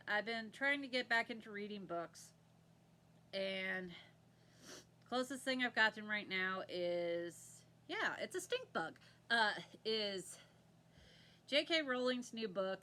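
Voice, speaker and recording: A woman's voice: mid-range voice, lively intonation, unhurried, sharp tone. A woman hosting her own crafting podcast from home, chatting casually and rambling with frequent laughter. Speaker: podcast host. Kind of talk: casual chat to camera.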